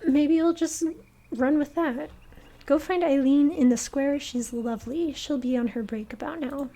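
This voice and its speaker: A woman's voice: high-pitched, measured pace, warm tone. Woman voicing a weepy, sentimental older woman. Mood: tearful. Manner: emotional, gushing.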